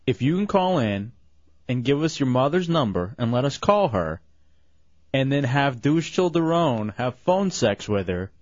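Brief: mid-pitched male host, crude and jokey, dry and dull radio sound. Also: big pitch swings, unhurried, dry recording. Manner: crude, joking, loud when announcing. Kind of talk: casual radio banter.

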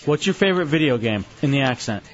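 A man's voice: medium pitch, expressive, fast talker, soft background music. A man hosting a radio show, bossy and teasing as he pushes a co-worker around in casual banter. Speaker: radio host. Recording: muffled radio broadcast.

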